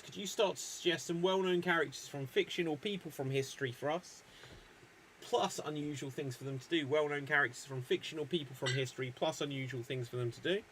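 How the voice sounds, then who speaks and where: A man's voice: mid-range voice, slight background noise. A man hosting a live improv comedy show, explaining game rules in a chatty way.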